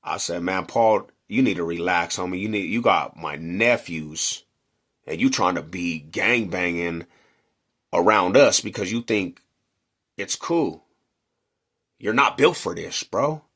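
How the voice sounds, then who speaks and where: A man's voice: low voice, measured pace, husky. Slangy man telling a street story. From Denver, Colorado. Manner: slangy, animated, acts out quotes and punches.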